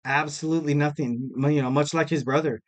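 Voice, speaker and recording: Speaking quickly in a steady, slightly high voice, this solo wrestling podcast host rambles along casually. His talk is loaded with filler words and jokes at his own expense.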